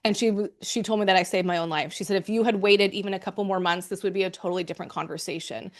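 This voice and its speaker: A young adult woman with cancer candidly shares her illness story, chatty and emotional, often quoting what others told her. Her mid-range voice is fast with fairly even intonation.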